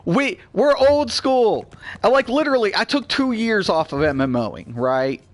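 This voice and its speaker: A man in his forties with a high-pitched voice rants bluntly and heatedly about a game, swearing freely. He drifts between low, muttered grumbling and loud, excited bursts, talking casually like a streamer mid-session. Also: unhurried. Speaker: gaming channel host. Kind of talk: casual gameplay rant.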